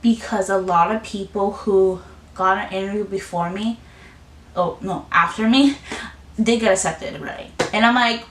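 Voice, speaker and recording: A woman's voice: mid-range voice, measured pace, a bit bright, a little hiss or hum. A young woman talking casually in a vlog voice-over, filling her sentences with "like" and acting out her own past reactions. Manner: chatty, many "like" fillers, exclaims quoted reactions. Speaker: vlogger.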